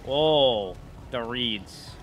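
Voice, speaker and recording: A man's voice: mid-range voice, very slow, faint music behind. A man giving casual gameplay commentary, swearing and trash-talking the bosses. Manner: profane, excitable, trash-talks bosses. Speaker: gaming video creator.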